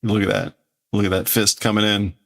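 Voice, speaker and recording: A man's voice: fairly low pitch, steady tone, fairly quick, gravelly. A man who streams himself translating a comic, talking casually and thinking aloud with many hedges. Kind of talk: casual live commentary.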